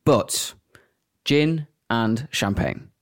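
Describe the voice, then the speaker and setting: A man's voice: medium pitch, extremely slow. A man co-hosting a podcast, chatting casually and explaining a cocktail recipe while mixing it in his kitchen, a little hungover. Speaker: podcast co-host. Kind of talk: casual chat. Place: home kitchen.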